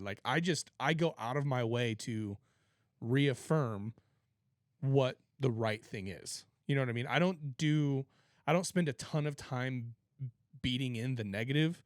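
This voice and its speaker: A man co-hosting a podcast in casual chat, explaining his views earnestly with quick joking remarks. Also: medium pitch, no echo, studio quality. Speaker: podcast co-host.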